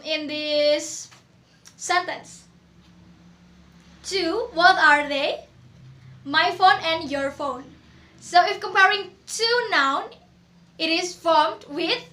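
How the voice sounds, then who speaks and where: High-pitched young woman teaching a class. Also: bright, forceful tone, reverberant. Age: young adult. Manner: teacherly, asks the class questions and repeats words slowly. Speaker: English teacher. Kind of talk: classroom grammar lesson.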